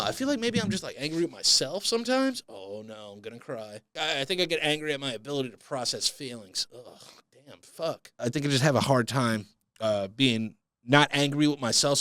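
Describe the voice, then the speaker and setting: A man's voice: mid-range voice, fairly bright tone, dry recording, clean studio sound. A man hosting a solo podcast, talking casually and self-mockingly with lots of swearing. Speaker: podcast host.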